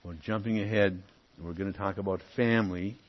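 A man's voice: deep voice, steady tone, fairly quick. A man teaching a Bible lesson, reading verses aloud and stopping to explain them with asides. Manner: reads verses aloud, then comments with asides. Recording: muffled lo-fi recording.

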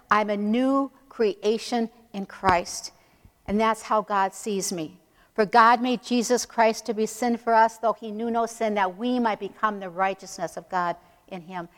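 Woman preaching in a reverberant hall. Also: mid-range voice. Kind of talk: sermon.

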